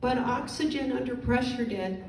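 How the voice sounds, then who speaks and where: A woman's voice: a little high, darkish tone. Emotional middle-aged woman, echoey hall. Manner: tearful, apologetic, halting. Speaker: veteran speaker. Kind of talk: emotional personal testimony. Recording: echoey room, distant mic, faint noise.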